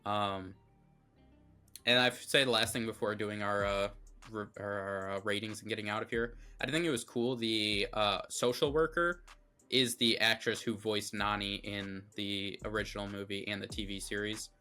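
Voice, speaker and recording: A man's voice: lowish voice, fairly even intonation, normal speed, bright, forceful tone, soft background music. A man co-hosting a movie review show, chatting casually and giving blunt, opinionated takes full of fillers.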